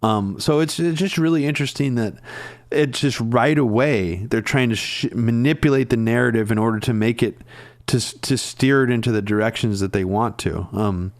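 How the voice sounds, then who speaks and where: A man's voice: medium pitch, no room sound. Earnest man in casual talk, dry sound. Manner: earnest, halting with many ums. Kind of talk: casual political discussion.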